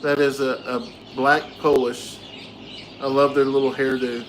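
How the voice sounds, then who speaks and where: A man hosting a casual farm vlog outdoors, chatting with viewers and talking softly to his animals. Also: mid-range voice, level tone, a little slow. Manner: easygoing, soothes animals softly. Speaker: farm channel host. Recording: echoey with loud outdoor noise.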